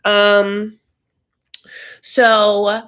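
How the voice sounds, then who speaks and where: A woman hosting a casual live recap, chatty and tangential, with sudden animated jumps up in pitch. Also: very slow, clear, resonant tone. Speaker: host.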